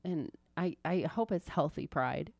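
Earnest lower-voiced mom, dry mic. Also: female voice, measured pace, creaky, dry recording. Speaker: podcast co-host. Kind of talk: casual faith podcast chat.

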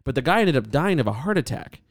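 A man's voice: mid-range voice, big pitch swings, quick pace, no echo, studio quality. A man co-hosting a casual podcast, rambling through stories loosely, swearing and laughing along. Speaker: podcast co-host. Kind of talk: casual chat.

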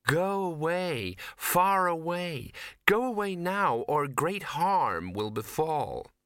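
An entranced young woman speaking in a sweet, dreamy, slow way, voiced by a man narrating a storybook. The tone is lifted and bright, close and dry on the mic. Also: on the high side, very animated, no room sound, voice pushed up, heavily acted. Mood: eerie sweet.

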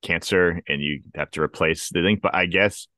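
A man's voice: sits low, normal speed, bright, forceful tone, no room sound, studio quality. A man co-hosting a podcast in casual chat, joking about a movie and chuckling through his lines. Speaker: podcast co-host.

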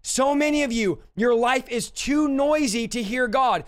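A man's voice: very high voice, unhurried, clean tone. A young man preaching a sermon directly to his listeners, with an emphatic manner. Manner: emphatic, direct, addresses listeners as "you guys".

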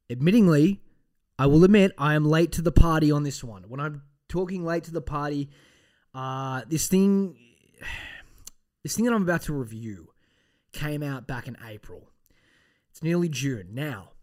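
A man hosting a casual podcast. He rambles off on tangents with a lot of swearing and mock threats. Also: fairly high pitch. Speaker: podcast host.

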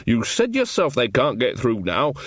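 A man's voice: medium pitch, huge pitch swings, moderate pace, fairly bright tone, no echo, clean studio sound. A man voicing a cheerful, gossipy old woman witch in an audiobook, chatty and teasing. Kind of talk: audiobook reading.

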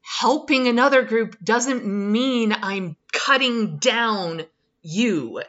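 A Canadian woman co-hosting a casual podcast chat, sarcastic and quick to laugh. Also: a little high, fairly bright tone, lo-fi sound. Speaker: podcast co-host.

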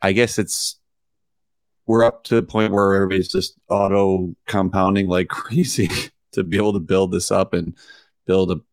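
Deep gravelly man on a podcast. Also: moderate pace, no echo, studio quality. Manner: relaxed, explains things with hedges. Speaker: podcast co-host and validator. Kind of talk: casual chat.

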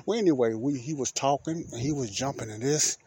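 A man's voice: medium pitch, brisk, a little mellow, a little hiss or hum. A man hosting a podcast, telling a casual story in a rambling way that keeps circling back with "well, anyway.". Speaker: podcast host.

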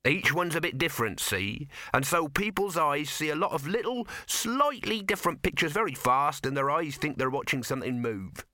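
A man's voice: fairly high pitch, animated, normal speed, hardly any pauses, sharp tone, no echo, studio quality, voice pushed up. A man voicing a chatty older male craftsman who explains things in a folksy way. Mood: explaining.

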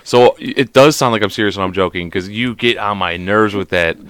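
A man hosting a podcast in casual chat, animated and profane, often mimicking other people's voices. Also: fairly low pitch, fairly quick, clear, resonant tone, dry recording. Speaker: podcast host.

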